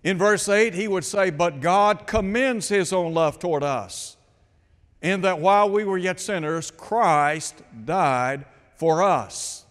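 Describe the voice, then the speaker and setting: A man's voice: high-pitched, a bit bright, big-room sound. A man preaching a sermon, asking his listeners rhetorical questions and quoting scripture. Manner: slow, deliberate, rhetorical questions.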